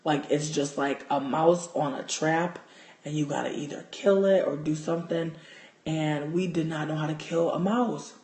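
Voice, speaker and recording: A man tells a story on his livestream in loose, profane talk that keeps building into loud excitement. His voice sits a little high and rings out in an echoey room. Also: normal speed. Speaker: livestream host.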